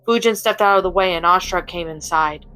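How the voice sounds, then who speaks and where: A woman's voice: lowish voice, fast talker, low-quality recording. Woman reading a story aloud. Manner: plain, steady narration. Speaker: story reader.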